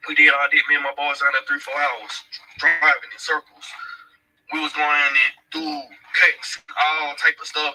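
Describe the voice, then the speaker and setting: Man, casual profane storyteller, very bright husky tone, distant mic. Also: fairly high pitch. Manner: blunt, profane, emphatic retelling. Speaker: father of a missing woman's child.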